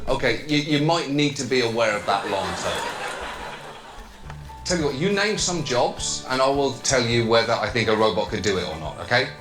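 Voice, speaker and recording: A man's voice: mid-range voice, expressive, normal speed, echoey room, over music. Playful man joking with a child. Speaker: keynote speaker. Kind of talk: playing a comedy clip with a child.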